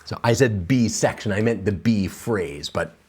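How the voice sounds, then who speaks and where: A man teaching piano, explaining a blues piece at an unhurried pace with many fillers. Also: fairly low pitch, noisy background. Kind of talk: relaxed instructional explanation.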